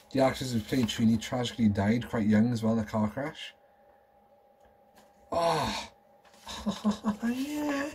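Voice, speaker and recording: Man, 30s, collector vlogger, excitable rambling chat, mid pitch, slight background noise. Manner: rambling, enthusiastic, nostalgic. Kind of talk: casual show-and-tell chat.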